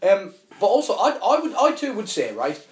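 A man's voice: sits high, moderate pace. A tired man co-hosting a comedy podcast, joking and swearing in casual banter. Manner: jokey, animated, swears freely, does silly voices. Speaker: podcast co-host. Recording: echoey room.

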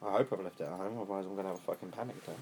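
A young British man co-hosting a casual podcast, rambling and swearing freely, his voice worn lower from smoking. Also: very fast, crowd noise. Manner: rambling, swears freely, laid-back stoner talk. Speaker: podcast co-host. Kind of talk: casual chat.

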